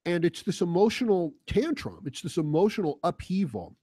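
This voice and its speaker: A man's voice: high voice, animated, moderate pace, dark tone, dry recording, studio quality. A man hosting a heated, profane commentary monologue, mocking the voices he quotes. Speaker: political commentary host. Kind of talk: casual monologue.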